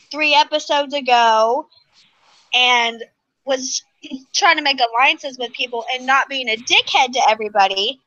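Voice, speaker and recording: High, bright woman on a lo-fi mic. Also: dry recording. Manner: rambling, filler-heavy, candid. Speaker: podcast co-host. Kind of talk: casual commentary. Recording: slightly lo-fi dry mic.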